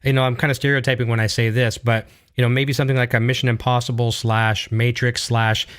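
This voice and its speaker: A man's voice: mid-range voice, little pitch movement, fast talker, a bit bright, clear, resonant tone. A Canadian man with a Canadian accent hosting an interview, eager and rambling with lots of fillers. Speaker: show host. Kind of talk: casual video interview.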